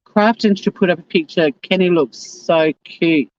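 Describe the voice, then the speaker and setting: A woman's voice: on the low side, normal speed, a little mellow, no echo, muffled recording. An Australian woman with a South Australian accent hosting a casual livestream, rambling bluntly and swearing as she reads out comments. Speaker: YouTube livestream host.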